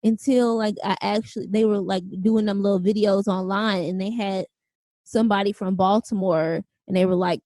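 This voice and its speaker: A young woman co-hosts a laid-back podcast in a warm, mellow voice. She rambles in a friendly way, with plenty of "like" and "um". The sound is dry and close, with no room around it. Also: mid-range voice, fairly even intonation, normal speed, no room sound. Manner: chatty, lots of fillers and 'like'. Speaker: podcast co-host. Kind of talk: casual chat.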